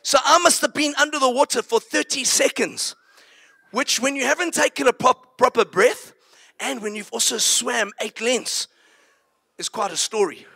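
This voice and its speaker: A man preaching, telling a story in an animated way and acting it out. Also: extremely high pitch, normal speed, creaky, breathy edge. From South Africa. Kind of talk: sermon storytelling.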